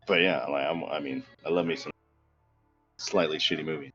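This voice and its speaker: A low-voiced man swears freely and jumps into the conversation with quick, excited remarks. His voice comes through dull and lo-fi, with faint music behind. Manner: profane, excitable, quick interjections. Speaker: player. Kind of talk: casual chat over voice call.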